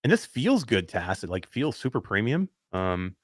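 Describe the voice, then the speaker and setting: A man's voice: on the low side, very animated, normal speed, dry recording, studio quality. A man co-hosting a casual talk show, telling stories in a rambling way with lots of fillers and laughing at himself. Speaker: podcast co-host. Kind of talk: casual chat.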